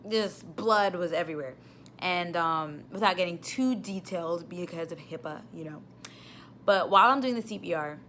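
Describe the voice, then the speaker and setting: Animated woman nurse telling a story. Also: on the low side, slight background noise. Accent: New York. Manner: animated, exasperated storytelling with rising outbursts. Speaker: ER nurse vlogger. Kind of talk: casual storytelling vlog.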